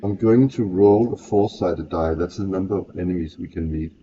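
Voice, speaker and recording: A man's voice: low-pitched, moderate pace, mellow, highs cut off, a little hiss or hum. A man narrating a solo tabletop game, thinking aloud and often correcting himself.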